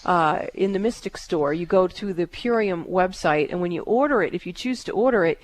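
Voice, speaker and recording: A woman hosting a call-in psychic radio show, giving calm, halting readings with many fillers. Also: lowish voice.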